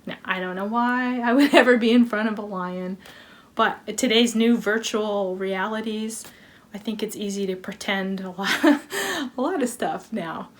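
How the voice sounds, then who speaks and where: A woman's voice: mid-range voice, a little slow. A woman from a wellness team telling a playful teaching story, acting it out with props and little voices. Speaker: wellness educator. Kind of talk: storytelling lesson.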